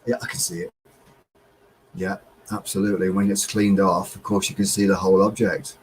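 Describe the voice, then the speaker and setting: A man's voice: low-pitched, level tone, a little fast, a little hiss or hum, low-quality recording. A man, co-hosting a casual live chat and laughing often. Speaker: livestream co-host.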